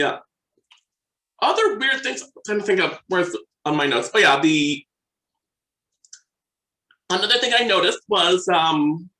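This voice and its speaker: A man's voice: high-pitched, bright, forceful tone, echoey room, poor audio. A man co-hosting a podcast in casual chat, enthusiastic, working from his notes and trailing off mid-thought. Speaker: podcast co-host.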